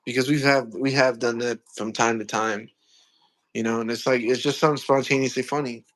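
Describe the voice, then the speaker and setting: A man's voice: medium pitch, fairly even intonation, fairly quick, fairly bright tone. A man hosting a casual chat, rambling, slangy, and repeating himself. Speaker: podcast host.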